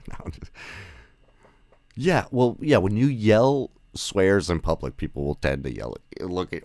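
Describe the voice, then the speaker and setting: Very deep gravelly-voiced man chatting. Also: very animated, moderate pace, darkish tone, no room sound. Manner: rambling, self-correcting, laughs often. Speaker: podcast host. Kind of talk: casual chat with remote guests.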